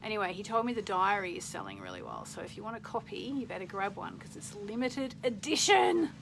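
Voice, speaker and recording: A woman's voice: medium pitch, very animated, brisk, gravelly, background noise. A middle-aged woman hosting a casual live stream, chatting in a rambling way and reading out viewer comments.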